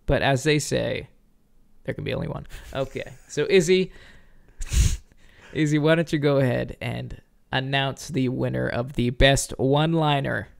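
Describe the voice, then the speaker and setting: A man's voice: mid-range voice, a little slow, vocal fry. A man co-hosting a casual podcast, joking and teasing his partner in a playful, dry way. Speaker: co-host.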